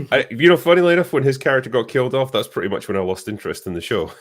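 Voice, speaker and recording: A man in a casual panel discussion who speaks in a relaxed way. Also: medium pitch, rapid-fire. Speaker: panel guest.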